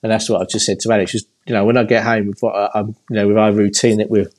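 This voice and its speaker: A man's voice: lowish voice, level tone, racing, darkish tone. A young man co-hosting a casual podcast chat as an expectant father, rambling and laughing at himself.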